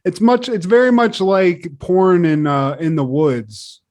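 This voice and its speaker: Animated, crude-talking male podcast co-host. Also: sits high, measured pace. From Southern California. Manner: crude, animated, acts out quoted voices. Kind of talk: casual comedic chat.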